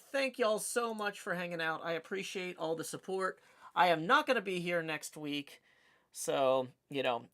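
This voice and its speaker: A man's voice: high-pitched, fairly bright tone. A man with a Southern US accent chatting casually on his livestream as host, rambling with lots of fillers. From Tennessee. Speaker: streamer host.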